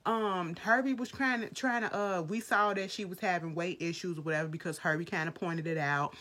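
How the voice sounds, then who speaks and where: A woman's voice: on the low side, fairly quick, fairly bright tone. Blunt, profane woman vlogger. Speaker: vlogger reviewing a film. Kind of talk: casual chat.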